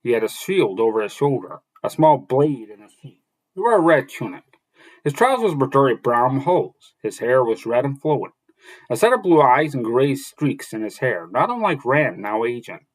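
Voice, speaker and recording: Man, narrator, reading a fantasy novel aloud, husky, animated pitch, halting with restarts. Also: low-quality recording.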